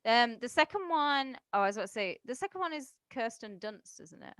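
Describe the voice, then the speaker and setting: A woman's voice: fairly high pitch, lively intonation, brisk, a bit bright, smooth, no room sound. A woman co-hosting a podcast in chatty, sweary talk, laughing often. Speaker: podcast co-host. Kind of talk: casual podcast chat.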